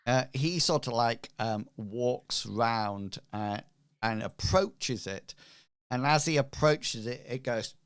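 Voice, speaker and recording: Slow hesitant man running a game. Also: mid-range voice, clean tone. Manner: slow, hesitant, many ums. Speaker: game master. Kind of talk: narrating a tabletop game.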